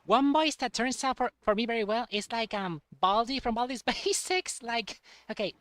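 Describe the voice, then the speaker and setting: A young man streaming a game, chatting casually in a halting way and repeating words. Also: extremely high pitch, lively intonation, fairly bright tone, no echo. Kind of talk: casual chat while playing a game.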